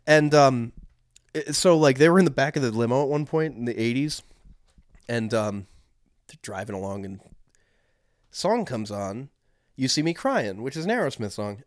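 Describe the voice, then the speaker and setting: Expressive and mid-range, this male podcast co-host speaks at a moderate pace with frequent pauses, loosely telling stories in casual chat. Expect rambling, doubling back, restarts and plenty of "um" and "like." The close mic captures dry sound, no room noise.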